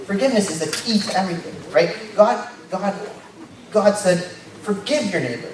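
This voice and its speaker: A man's voice: high-pitched, animated, moderate pace. Joking young man preaching in an echoey church. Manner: informal and joking, tags lines with "right?". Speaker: lay preacher. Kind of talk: casual sermon. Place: church hall. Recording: very echoey church hall, mic far off. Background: congregation noise.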